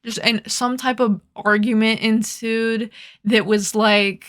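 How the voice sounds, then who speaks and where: A woman's voice: fairly high pitch, fairly even intonation, takes it slowly, fairly bright tone. Rambling, cursing young woman. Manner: rambling, profane, heavy "like" filler. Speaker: vlogger. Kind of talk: casual storytime chat.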